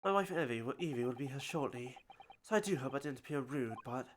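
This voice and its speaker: Streamer doing a soft-spoken, formal older man. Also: mid-range voice, animated, quick pace, slight background noise, close to an everyday voice. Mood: apologetic.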